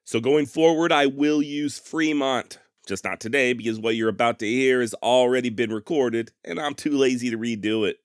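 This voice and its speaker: A man's voice: mid-range voice, fairly quick, hardly any pauses, dry recording, clean studio sound. A man hosting a history podcast, telling the story in a wry, folksy way and often mocking himself. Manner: wry, sarcastic, self-mocking; folksy turns of phrase.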